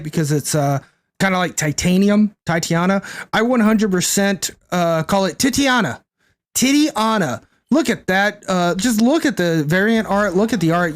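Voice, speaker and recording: A young man streaming a card game, chatting casually, thinking aloud and answering his chat. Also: sits high. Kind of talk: casual live-stream commentary.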